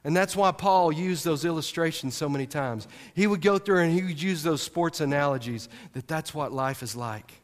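Male pastor, sermon delivery, lively swings between excited and hushed, reverberant church. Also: on the high side, normal speed, few pauses. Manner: animated, swings from excited shouting to soft earnest tones.

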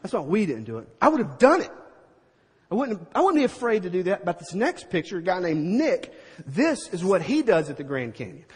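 A middle-aged man preaching, telling a story to a crowd with animated sound effects and a husky voice. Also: sits high, fairly quick, long reverb tail. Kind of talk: storytelling sermon.

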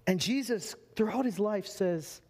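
A man preaching a sermon in an animated way, acting out quotes as he goes. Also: sits high, measured pace. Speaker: pastor.

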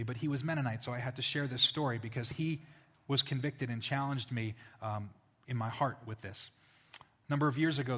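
A man preaching a sermon as pastor, telling stories and growing animated when he quotes others. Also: medium pitch, husky, in a large hall.

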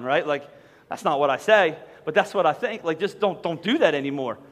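A pastor preaches a sermon to a church audience in a large auditorium, speaking conversationally with frequently repeated words and humorous asides. His voice is fairly high, expressive, brisk and a bit bright. A long hall reverb fills the recording.

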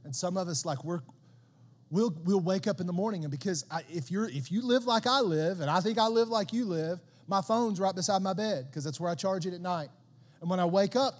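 A man preaching a sermon as a pastor, conversational and animated, often repeating words as he builds a point. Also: sits high, normal speed, in a large hall.

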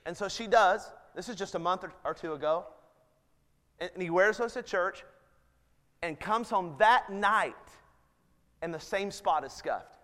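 A man's voice: high-pitched, unhurried, pauses often, fairly bright tone. A man in his thirties preaching a sermon as pastor, earnest and building to emphatic appeals. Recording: long hall reverb.

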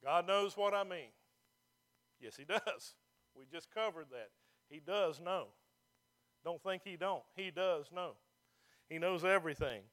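High-voiced man preaching emphatically. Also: unhurried, pauses often, a bit bright. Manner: emphatic preaching with rhetorical questions to the congregation. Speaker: pastor. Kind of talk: sermon. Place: church with a congregation.

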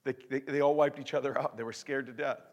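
A male pastor preaching a sermon in an animated, emphatic way, often repeating and restarting his words. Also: medium pitch, quick pace, in a large hall, highs cut off. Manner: animated, emphatic preaching with sudden shouts and drops to near-whisper.

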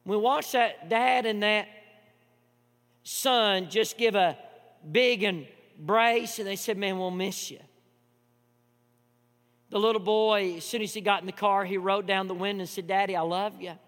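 Guy preaching, goes quiet then loud, big echoey hall w/ a hum behind. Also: sits high, steady tone, a little slow, pauses often. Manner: swings from hushed storytelling to loud impassioned preaching. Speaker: pastor. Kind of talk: sermon. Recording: long hall reverb with mains hum.

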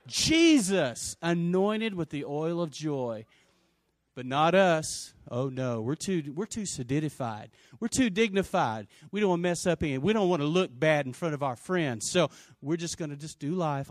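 A man preaching a lively, humorous sermon, talking conversationally with his congregation and acting out scenes in put-on voices. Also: sits high, normal speed, dry recording.

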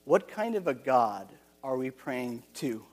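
A man's voice: mid-range voice, big pitch swings, slow pace, darkish tone, in a large hall. A man preaching a sermon, earnest and repeating his key phrases, with frequent restarts.

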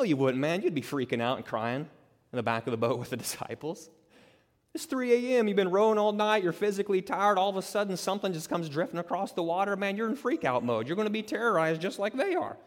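A man preaching an expository sermon, conversational and dramatic, building to loud emphatic peaks. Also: on the high side, expressive, fast talker. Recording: long reverb of a large hall.

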